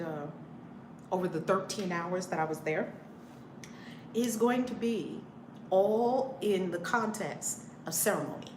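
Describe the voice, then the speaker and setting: A woman's voice: medium pitch, background noise. A woman reverend hosting a casual live-stream storytime from her home, greeting viewers by name as she talks. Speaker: reverend and channel host. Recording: roomy home room with faint ambience.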